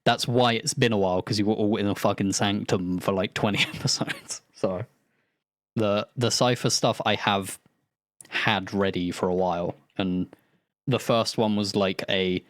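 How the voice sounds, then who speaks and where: A man's voice: fairly low pitch, fairly even intonation, normal speed, dry recording, studio quality. A man running a tabletop game, chatting loosely after the session, swearing and laughing as he goes. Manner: loose and rambling, swears, laughs mid-sentence. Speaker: game master. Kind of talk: casual post-session chat.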